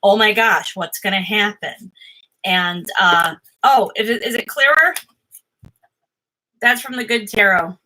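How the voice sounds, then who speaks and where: Rambling woman with a bright voice. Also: medium pitch, a little slow, long pauses, poor audio. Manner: rambling, restarts often, dramatizes her own panic. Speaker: tarot vlogger. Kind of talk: casual chat to camera. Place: home desk.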